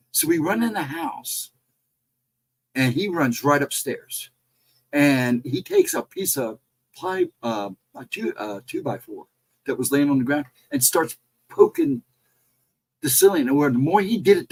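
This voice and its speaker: A man telling a spooky encounter in a casual, rambling, animated way. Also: fairly high pitch, moderate pace, creaky, pauses often, slightly rough, rough recording. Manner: animated, rambling retelling with restarts. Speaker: storyteller. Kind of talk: casual spoken ghost story.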